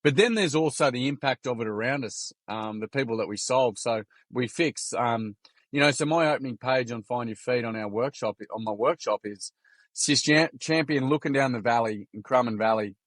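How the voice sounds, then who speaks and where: A man's voice: mid-range voice, normal speed, fairly bright tone, no echo. An Australian man, a podcast guest, telling stories in a frank, earnest way with casual swearing. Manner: frank, earnest, salty storyteller. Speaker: podcast guest, youth workshop founder. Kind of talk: casual storytelling.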